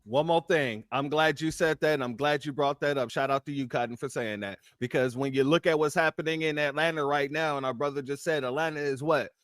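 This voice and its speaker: A man's voice: fairly high pitch, fairly quick, hardly any pauses, fairly bright tone, dry recording, studio quality. A man in a livestream discussion, making his points earnestly.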